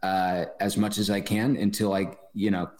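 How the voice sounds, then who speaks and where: A man's voice: on the low side, little pitch movement, normal speed, darkish tone. A man being interviewed as a running club president, speaking thoughtfully with many restarts. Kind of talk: casual podcast interview. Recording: roomy echo.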